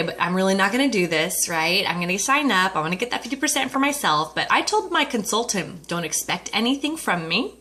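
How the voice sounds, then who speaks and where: Lively, bright-voiced woman telling a story. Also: a little high. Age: adult with a husband, dating herself. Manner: animated storyteller acting out quoted voices. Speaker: Mary Kay consultant. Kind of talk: personal story told to an audience.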